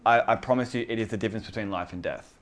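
A man's voice: on the low side, racing. A man preaching a casual sermon to a small group, earnest and conversational, often repeating himself. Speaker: pastor.

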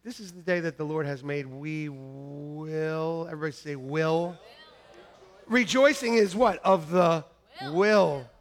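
Male pastor, high and gravelly, animated sermon with shouted punchlines. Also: fairly quick. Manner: animated, laughing, repeats lines to the congregation; shouts mock-angry quotes at peaks. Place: church.

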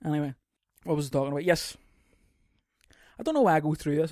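Brief: male solo podcaster, slightly high voice, profane and rambling, dry close sound. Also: quick pace, pauses often, no echo. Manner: profane, rambling, jumps into loud mocking outbursts. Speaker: podcast host. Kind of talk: casual solo podcast rant. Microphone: mic on a stand.

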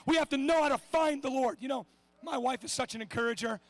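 A middle-aged man preaching a sermon with passion, swinging between shouts and hushed asides. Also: extremely high pitch, fast, dry recording.

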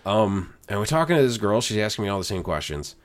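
A man's voice: fairly low pitch, big pitch swings, fast talker. A man on a podcast, casually telling a story, swearing often and laughing a lot. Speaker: podcast host. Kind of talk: casual chat.

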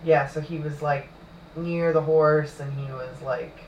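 A man's voice: on the high side, steady tone, measured pace, a little mellow. A man talking in a laid-back way with many fillers during casual podcast banter. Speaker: podcast co-host. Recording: echoey room, distant mic, noise.

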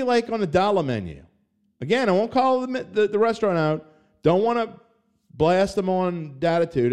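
A middle-aged man hosting his podcast alone, rambling from gripe to gripe with a self-mocking edge. His voice sits a bit high and swings through a lively range. The tone stays loose and conversational. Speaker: podcast host and sports betting writer. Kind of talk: casual solo podcast talk.

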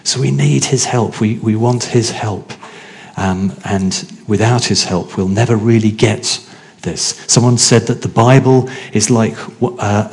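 Male preacher, lowish voice, easy conversational sermon that keeps checking in with the room. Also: a little mellow. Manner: conversational, asks the congregation questions.

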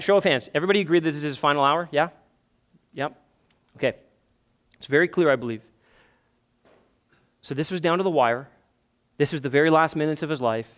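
A man in his thirties preaching a sermon in church, breaking into pleading, acted-out prayers with lots of energy. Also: fairly high pitch. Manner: animated, acts out prayers in a pleading raised voice. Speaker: pastor. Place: church sanctuary.

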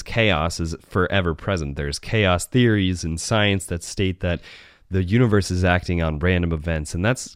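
Man, solo podcast host, low smooth voice, rambling and profane, dry close sound. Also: dry recording. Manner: rambling, profane, self-correcting.

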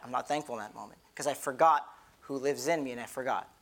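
A man's voice: fairly high pitch, quick pace, a bit bright. A middle-aged man, a pastor, giving an earnest, conversational sermon with many repeated restarts.

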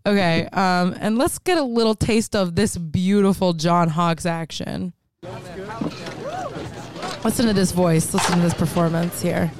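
A woman's voice: lowish voice, measured pace, noisy background. A woman in her twenties co-hosting a podcast, recapping a film in casual, giggly and profane chat. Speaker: podcast co-host.

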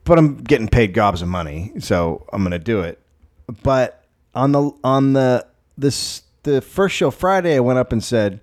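A man's voice: medium pitch, lively intonation, normal speed, a little mellow. A middle-aged man co-hosting a casual comedy podcast, telling stories with acted-out quotes and plenty of swearing. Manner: storytelling, acts out quotes, swears. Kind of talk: casual chat.

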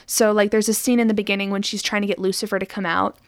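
A woman's voice: mid-range voice, fast, no room sound. Chatty woman podcaster, dry close sound. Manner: chatty, animated retelling with many "like" fillers and acted-out quotes. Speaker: podcast co-host. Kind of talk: casual film discussion.

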